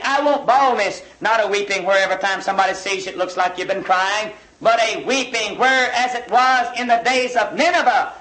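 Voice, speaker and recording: Impassioned high-voiced preacher, roomy old LP. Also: male voice, bright, forceful tone. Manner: impassioned, pleading rhetorical questions with repetition. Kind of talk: revival sermon. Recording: roomy 1960s vinyl sermon recording.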